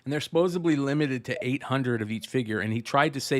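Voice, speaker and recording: A man's voice: mid-range voice, fast. Guy hosting a podcast, just chatting, kinda rambling. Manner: rambling, plain-spoken. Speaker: podcast host. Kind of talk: casual chat.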